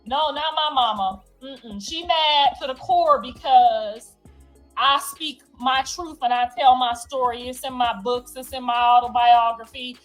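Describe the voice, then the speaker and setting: Woman, middle-aged, high-pitched, emotional profane rant, blunt and repetitive, faint music underneath. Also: a little slow. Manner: blunt, repetitive, emphatic swearing. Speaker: mother telling her story.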